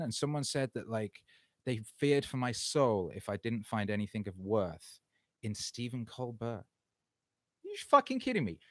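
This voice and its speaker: A man's voice: medium pitch, no echo. A man hosting his own live stream, swearing a lot and swinging between heated ranting and cheerful chat with viewers.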